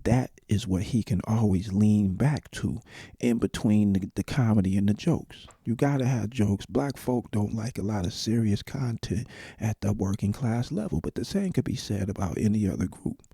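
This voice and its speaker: A man's voice: fairly low pitch, animated, normal speed, vocal fry, warm tone, breathy edge, no room sound. A man talking in a rambling, conversational monologue with restarts and emphatic asides. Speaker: commentator. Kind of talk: casual monologue.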